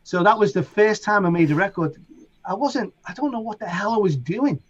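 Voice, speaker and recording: A middle-aged man with a Liverpool accent chats as an interview guest, spinning his stories with lively energy and acting out voices and sounds along the way. His voice sits a touch high and has a husky grain. The recording sounds dull and lo-fi. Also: fairly quick. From England. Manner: animated, acts out voices and sounds in anecdotes. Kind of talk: casual storytelling.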